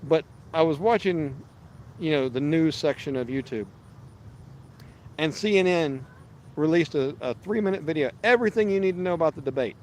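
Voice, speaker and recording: A man's voice: on the high side, animated, moderate pace, a little hiss or hum. A man, hosting a fishing livestream outdoors and chatting casually, rambling and restarting as he reads viewer messages. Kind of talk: casual live-stream chat. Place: outdoors at a park lake.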